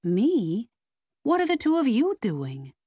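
A woman's voice: a little high, wildly swooping pitch, slow, warm tone, husky, no room sound, studio quality, pitched above the performer's own voice, full character voice. A woman voicing a nosy young woman sleuth who asks blunt questions. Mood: demanding.

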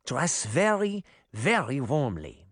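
Male narrator putting on a brisk old grandmother with a light German accent, higher voice, dry studio sound. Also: big pitch swings, no echo. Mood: coaxing.

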